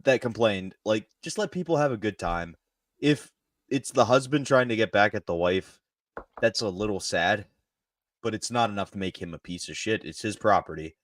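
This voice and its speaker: Chill guy with a lowish voice, joking around, dry mic. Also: fairly quick, no room sound. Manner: laid-back, joking. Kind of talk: casual comedic chat.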